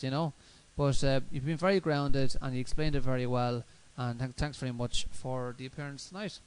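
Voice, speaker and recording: A man hosting a radio show, talking in a relaxed, rambling way with many fillers. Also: mid-range voice, a little fast, hardly any pauses, smooth, low-quality recording. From Ireland. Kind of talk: casual chat.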